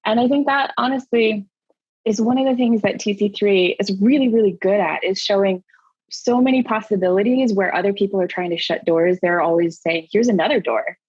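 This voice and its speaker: A woman's voice: medium pitch, a little fast, darkish tone, husky, no room sound, dull audio. A woman alumni panelist speaking earnestly and enthusiastically in a panel discussion.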